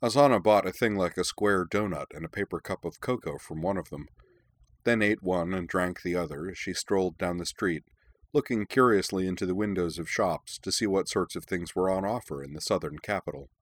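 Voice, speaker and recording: A man reading a novel aloud in measured, even storytelling narration. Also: deep voice. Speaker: audiobook narrator. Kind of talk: scripted narration.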